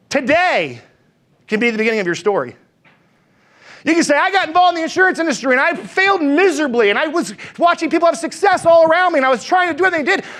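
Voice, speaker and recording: A man's voice: very high voice, a bit bright. A man training salespeople, telling stories with energy and asking his audience questions. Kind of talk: motivational talk with stories.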